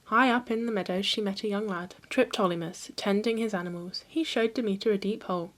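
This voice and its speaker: A woman hosting a history channel, reading a mythology book aloud in a calm, even storytelling manner. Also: medium pitch, a little fast.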